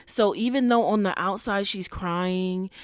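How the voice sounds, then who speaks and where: A woman hosting a podcast, talking in an animated, emphatic casual way with rhetorical questions and lots of fillers. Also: medium pitch, a little slow, smooth, dry recording. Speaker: podcast host. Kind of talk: casual commentary.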